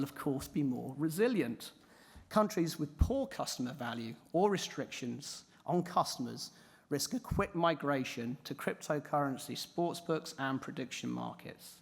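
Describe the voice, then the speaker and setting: A man giving a brisk, assertive conference presentation, laying out points like a list. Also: fairly high pitch, creaky. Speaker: conference panelist. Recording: reverberant conference hall.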